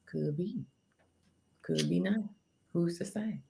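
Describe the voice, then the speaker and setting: Woman co-host, lower pitch, supportive and easygoing in conversation. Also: slow pace, creaky, dark tone, breathy edge. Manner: supportive listener, frequent murmured agreement. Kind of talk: casual conversation.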